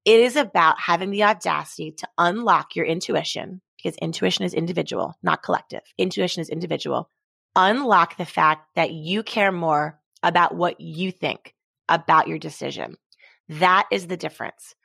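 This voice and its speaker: A woman's voice: on the low side, moderate pace, vocal fry, pushed and bright, no echo, clean studio sound. A woman guest on a podcast, an author and speaker, talking energetically and emphatically in a casual interview.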